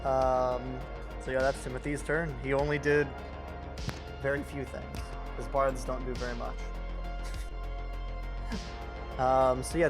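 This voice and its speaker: Man, game master, mid-pitched, relaxed, hesitant fillers, narrating enemy moves. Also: gravelly. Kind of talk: running a tabletop game online.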